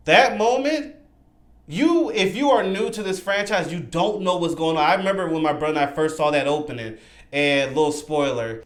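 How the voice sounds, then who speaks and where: A man giving an excited, rambling horror movie review, often repeating himself. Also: fairly high pitch. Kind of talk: casual spoken review. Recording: roomy echo.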